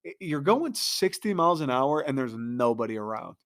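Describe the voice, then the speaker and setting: A man's voice: mid-range voice, very animated, normal speed, a bit bright. Exasperated man ranting with profanity. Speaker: podcast host. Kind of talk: comedic rant.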